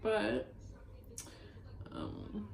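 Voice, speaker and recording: A woman's voice: extremely slow, darkish tone, reverberant, slight background noise, low-quality recording. A young woman vlogging a rambling, upset story about a breakup, full of fillers and swearing. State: upset, near tears. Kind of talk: ranting storytime vlog.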